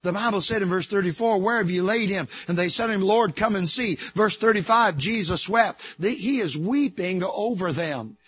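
A man preaching a sermon from a church pulpit. He swings between shouting and hushed, soft passages. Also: high-pitched, a little fast, few pauses, husky, no room sound, lo-fi sound. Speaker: pastor.

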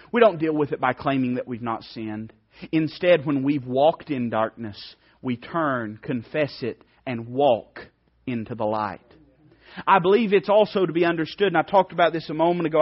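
A male preacher delivering a fervent sermon, swinging between loud emphasis and hushed, soft passages. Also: a little high, muffled recording.

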